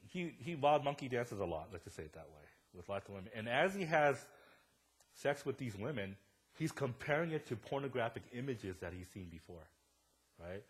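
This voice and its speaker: A young man delivers a church sermon in a loose, conversational way, cracking jokes and acting out stories. His voice is a little husky and sits at an ordinary pitch. It drops to near-mumbled asides, then climbs into loud, excited stretches. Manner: casual, joking storyteller with a wide swing in loudness. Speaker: pastor. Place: church sanctuary.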